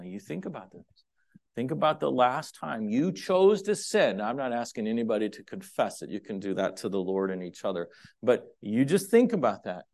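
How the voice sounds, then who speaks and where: A man with a creaky, mid-range voice preaches a sermon in a conversational, confessional way, voicing his own inner thoughts aloud. His dynamics swing from emphatic peaks down to near-whispers.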